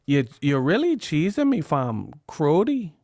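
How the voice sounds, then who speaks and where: A man voicing a grumbling young Toronto guy with a drawn-out, nasal teasing tone. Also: fairly high pitch, wildly swooping pitch, darkish tone, dry recording, clean studio sound, heavily acted.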